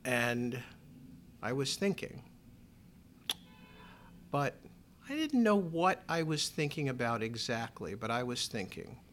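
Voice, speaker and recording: A man's voice: a bit bright, slight background noise. Man telling a wry family story. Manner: measured, wry, acts out his mother's lines in raised pitch. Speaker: interviewee. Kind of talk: personal storytelling.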